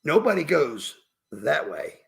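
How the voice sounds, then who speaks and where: A man's voice: fairly high pitch, big pitch swings, slow, creaky, fairly bright tone. A middle-aged man, emphatic and profane, telling a story as a podcast guest. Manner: emphatic, profane, refers to himself by name. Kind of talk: storytelling interview.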